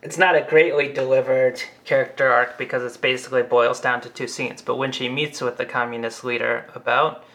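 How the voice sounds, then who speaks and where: A man's voice: a little fast, few pauses. A man in a casual film discussion, talking with fillers and acting out scenes he describes. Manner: animated, acts out quoted lines with big pitch jumps.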